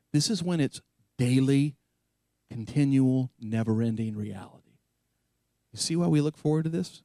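Animated male preacher, dry close sound. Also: mid-range voice, no echo. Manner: animated, emphatic preaching with paraphrased quotes. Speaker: pastor. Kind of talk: sermon.

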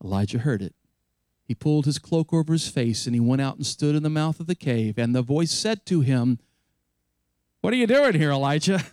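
A man's voice: medium pitch, a little fast, warm tone, dry recording, clean studio sound. A man preaching a sermon to his congregation, retelling a scripture story with vivid, dramatic delivery. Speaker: pastor.

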